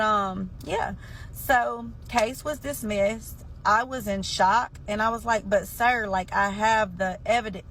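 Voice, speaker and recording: A woman's voice: mid-range voice, gravelly, fairly bright tone, slight background noise. A woman telling a personal story in a casual storytime, talking to her listeners directly. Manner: slow, deliberate, addresses listeners as y'all.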